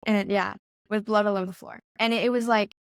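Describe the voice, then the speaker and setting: A young woman in her twenties talks as a podcast guest, with a gravelly, creaky edge to her voice. She tells her story in a loose, chatty way, peppered with "like" and acting out her own quotes. The sound is close and dry, with no room around it. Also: medium pitch, fairly even intonation, quick pace, dry recording. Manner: chatty, full of "like" and reenacted quotes. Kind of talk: casual storytelling conversation. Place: in-person podcast studio.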